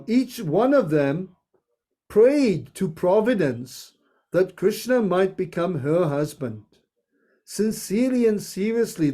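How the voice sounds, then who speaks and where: The man reads a scripture story aloud to a group at a slow pace, taking unhurried pauses. High yet soft and mellow, his voice occasionally gives way to playful asides.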